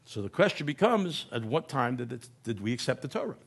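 A man's voice: mid-range voice, very animated, a little fast, vocal fry, husky. A man giving a humorous lecture in a conversational way, often asking "right?" and correcting himself mid-word.

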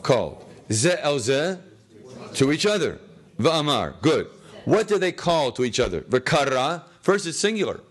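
A man teaching a class through a text, constantly posing questions to the room and answering them himself, with jokey asides. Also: a little high. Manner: jokey, chuckles at his own lines. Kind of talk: classroom text study lecture. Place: classroom with students.

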